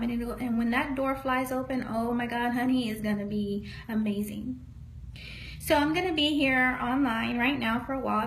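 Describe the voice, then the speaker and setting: A woman with a notably high voice talks as a psychic medium in a relaxed live-streamed reading. She sounds earnest and encouraging, with homey asides, and there's a faint hum of noise under her voice. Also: moderate pace, poor audio. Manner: earnest, encouraging, folksy, calls listeners honey.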